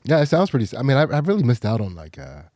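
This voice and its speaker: A man's voice: medium pitch, big pitch swings, very fast, warm tone, dry recording, clean studio sound. A man co-hosting a comedy podcast, rambling with lots of restarts. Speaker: podcast co-host. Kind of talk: casual comedic banter.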